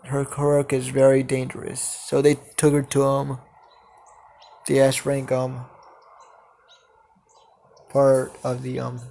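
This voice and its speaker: A man's voice: medium pitch, completely flat delivery, slow, creaky, long pauses, dark tone. Hesitant man improvising a fan story. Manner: hesitant, many fillers.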